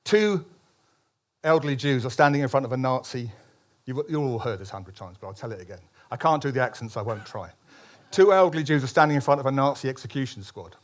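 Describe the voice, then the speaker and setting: A man's voice: mid-range voice, lively intonation, fast talker. A man, a columnist, giving a public speech at a political meeting, emphatic, with frequent restarts and ironic asides.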